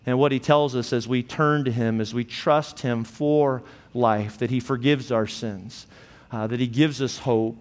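A male pastor preaching an earnest sermon, slowing down deliberately on key phrases. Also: medium pitch, steady tone. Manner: earnest, measured, slows for emphasis. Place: church sanctuary. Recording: long hall reverb in a church.

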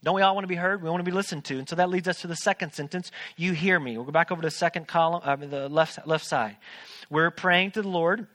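A man's voice: fairly high pitch, fast, a bit bright. A man in his thirties, a pastor, preaching a sermon from a church stage in a conversational, joking way, with questions to the congregation.

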